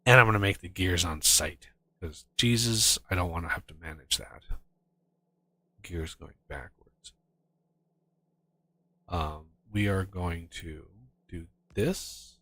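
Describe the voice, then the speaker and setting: A man's voice: low voice, slow, pauses often, bright, forceful tone, no room sound. A man streaming a game, talking to himself in exasperation as he plans his factory. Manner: exasperated, muttering to himself while building. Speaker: gaming streamer. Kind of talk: casual gameplay commentary.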